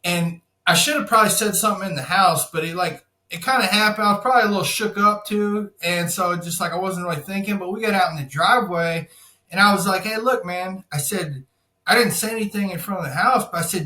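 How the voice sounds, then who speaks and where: A man's voice: high-pitched, a little fast, bright, forceful tone, reverberant. A young man casually and profanely telling a wild story as a podcast guest, acting out what each person said. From Florida. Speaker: podcast guest, insurance salesman.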